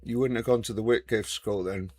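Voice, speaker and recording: A man's voice: lowish voice, fairly even intonation, fairly quick, husky, dry recording. A man chatting casually and teasing while playing a video game, with mild swearing. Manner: joking banter with mild swearing. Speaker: gamer.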